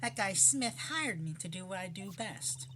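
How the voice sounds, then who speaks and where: A woman's voice: mid-range voice, animated, normal speed, background noise, close to an everyday voice. A woman voicing a scheming female card dealer in a put-on Russian accent while playing a visual novel. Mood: smug. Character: sly scheming female card dealer, cocky con artist.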